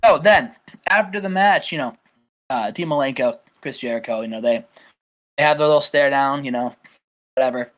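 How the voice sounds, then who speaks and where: A man hosting a casual game playthrough, retelling events in an animated, rambling way with lots of fillers. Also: mid-range voice, normal speed, pauses often. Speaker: host.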